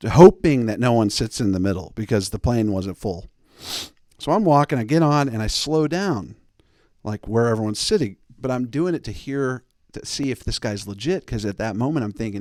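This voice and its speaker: A man's voice: mid-range voice, a little mellow, no room sound, clean studio sound. A man hosting a podcast, telling a rambling, jokey story in casual chat and acting out quoted voices. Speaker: podcast host.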